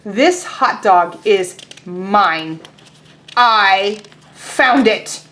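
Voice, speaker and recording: A woman voicing an excitable, possessive male pigeon while reading a picture book aloud, with loud, drawn-out exclamations. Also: mid-range voice, slight background noise.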